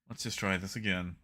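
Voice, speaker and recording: A man's voice: on the low side, bright, forceful tone. A young man streaming a video game, chatting casually with his viewers and reading patch notes aloud with dry, wry jokes. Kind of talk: casual live-stream chat.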